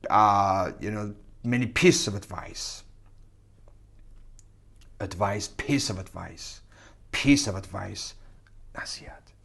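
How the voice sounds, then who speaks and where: A man teaching English, who repeats phrases loudly and whispers quick translations. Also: fairly low pitch, creaky, breathy edge. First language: Persian. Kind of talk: energetic language lesson with repetition drills.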